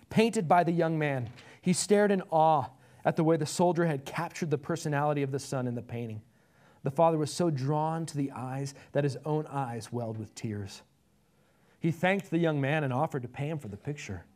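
A man's voice: on the high side, normal speed, darkish tone. A male pastor telling an illustration story and closing his sermon with earnest appeals.

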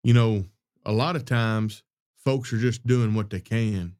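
A man talks through scripture on his podcast like a casual sermon. His manner is folksy and chatty, and by his own account he is a loud talker. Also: lowish voice, measured pace, smooth. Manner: folksy, conversational, calls listeners "y'all" and "buddy". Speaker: podcast host. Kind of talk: preaching-style podcast talk on scripture.

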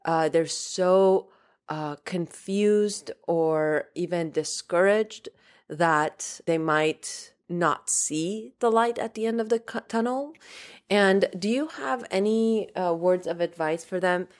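A woman co-hosting a podcast, speaking in a measured, gentle way as she asks her guest questions. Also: on the low side. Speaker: podcast co-host. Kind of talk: casual podcast chat.

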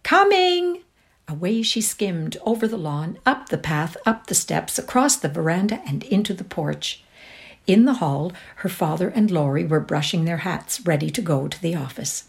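Woman narrating a story, low and expressive. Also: normal speed, gravelly. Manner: expressive, sinks to a whisper in quiet passages. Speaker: reader. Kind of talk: dramatic reading of a short story.

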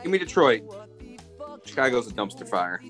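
A man's voice: medium pitch, very animated, moderate pace, fairly bright tone, faint music behind. A man in a casual sports chat, thinking aloud with hesitations and trailing-off sentences. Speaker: regular panelist.

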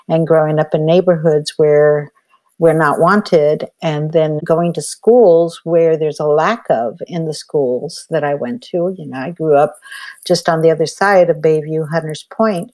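A woman's voice: low voice, warm tone. An older woman, a healer and elder, telling a personal story in a reflective, conversational way with frequent "you know" fillers.

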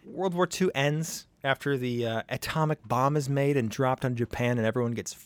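A man's voice: medium pitch, moderate pace, clear, resonant tone, no echo. Young man casually telling a history story. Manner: conversational, chuckles often, puts on silly voices for quotes.

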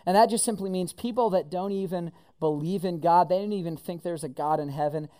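A man preaching a casual, animated sermon, explaining scripture and acting out lines. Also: high-pitched, brisk, clean tone.

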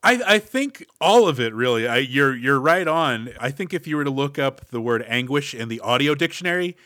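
A man co-hosting a podcast, retelling movie scenes in a sarcastic, animated way. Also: medium pitch, normal speed, no echo, studio quality. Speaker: podcast co-host. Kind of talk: casual comedic movie chat.

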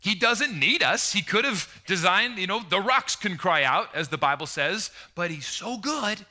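A man preaching a passionate sermon, swinging between loud emphasis and hushed, emotional tones and lingering on key words. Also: sits high, animated, normal speed.

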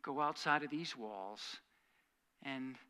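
A man preaching a sermon as pastor, earnest, swinging from loud emphatic lines to quiet, hushed asides. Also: medium pitch, slow, clear, resonant tone.

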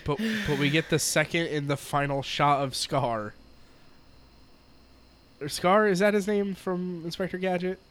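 A man's voice: a little high, steady tone, measured pace, long pauses, fairly bright tone. A man co-hosting a podcast, rambling and joking in casual chat, laughing often. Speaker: podcast co-host.

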